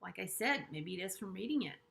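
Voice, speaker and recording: A middle-aged woman earnestly telling a personal story to camera, halting and restarting often and dropping to hushed asides. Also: medium pitch, animated, vocal fry, slight background noise. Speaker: vlogger sharing a personal story.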